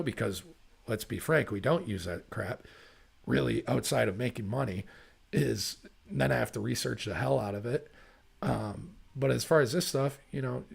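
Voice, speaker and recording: A man's voice: mid-range voice, gravelly, slightly rough. A man giving casual livestream chart commentary, chatty and thinking aloud, often correcting himself. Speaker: livestream market analyst.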